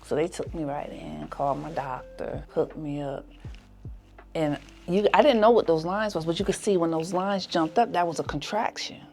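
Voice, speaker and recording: Animated woman telling a personal story. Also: sits low, moderate pace, gravelly, faint music behind. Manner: animated, acts out the people in her story with laughs. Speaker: podcast host.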